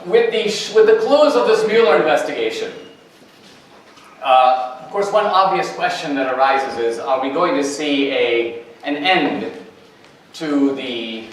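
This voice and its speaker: A man's voice: mid-range voice, a little hiss or hum. Man lecturing in an echoey hall. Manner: anecdotal storytelling, quoting dialogue. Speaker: guest speaker. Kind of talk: campus lecture. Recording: echoey hall, distant mic.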